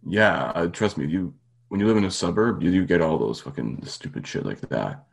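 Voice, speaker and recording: A man's voice: low voice, very animated, brisk, vocal fry. A man co-hosting a podcast in casual chat, blunt, swearing freely and hedging with "like". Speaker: podcast co-host.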